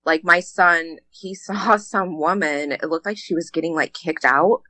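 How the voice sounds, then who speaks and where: A woman's voice: fairly low pitch, measured pace, bright, forceful tone, no echo, poor audio. A woman speaking as a podcast guest, earnest and open, often using "like" as filler. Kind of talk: casual conversation.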